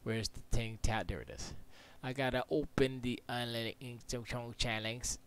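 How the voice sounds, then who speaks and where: Slow-talking man rambling in his studio. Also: mid-range voice, fairly bright tone, a little hiss or hum. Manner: rambling, drifts into mumbled near-whispers and nonsense rhymes. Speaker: music producer streaming from his studio. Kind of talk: casual live-stream chatter. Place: home music studio.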